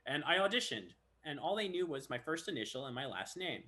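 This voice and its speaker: A man's voice: a little high, quick pace, hardly any pauses. A man, a voice actor, chatting casually and acting out stories. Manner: animated storyteller who acts out quotes. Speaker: voice actor guest. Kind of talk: casual chat.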